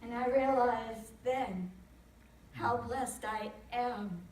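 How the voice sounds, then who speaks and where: A woman tells a sermon story with animated emphasis. She has a fairly high voice and speaks slowly. Her voice reaches the mic from a distance and rings in a roomy chapel, with faint ambience behind it. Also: slight background noise. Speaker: guest storyteller in church.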